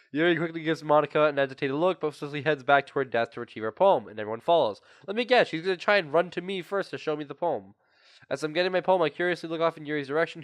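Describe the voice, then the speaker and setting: A man's voice: on the high side, smooth, dry recording. A young man reading a visual novel game aloud and chatting between lines, his throat sore and coughing. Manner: chatty, rambling asides. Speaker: gaming video creator.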